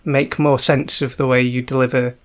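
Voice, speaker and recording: A man's voice: medium pitch, little pitch movement, moderate pace. A man discussing folk music on a podcast, often restarting and repeating words as he works toward his point.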